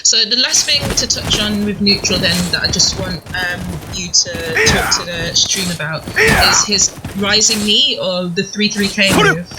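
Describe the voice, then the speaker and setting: A British woman hosts a fighting-game tutorial in an upbeat voice at a middle pitch, steering her guest with questions. Loud steady noise runs under her recording. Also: a little slow, hardly any pauses. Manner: upbeat, guiding questions, laughs easily. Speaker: host. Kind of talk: hosted gaming tutorial interview.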